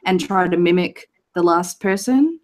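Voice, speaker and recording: A woman's voice: on the low side, animated, a little slow, a little mellow. A woman chatting casually on a live stream, often backchanneling and swearing lightly. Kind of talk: casual chat.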